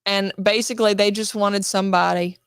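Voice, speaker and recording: A woman, an actress and guest, telling show-business stories in a casual chat, animated and swearing, acting out quotes. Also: mid-range voice, fairly quick, clean tone, dry recording, clean studio sound. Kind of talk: casual storytelling interview.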